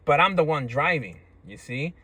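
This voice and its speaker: A man's voice: on the high side, expressive, moderate pace, sharp tone, husky, no echo. A man talking in a casual, rambling monologue, stammering through restarts and tagging lines with "right?" and "you see?".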